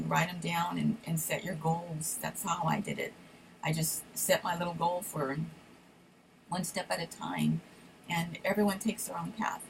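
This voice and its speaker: Mother in her fifties, low gravelly voice, soft and halting, heartfelt message to her son. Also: a little hiss or hum, low-quality recording.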